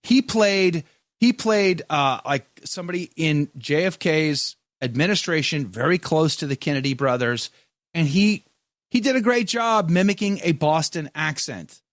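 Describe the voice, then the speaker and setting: A man's voice: a little high, unhurried, fairly bright tone, dry recording, clean studio sound. A man hosting a podcast, chatting casually, joking and reading viewer comments aloud. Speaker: podcast host.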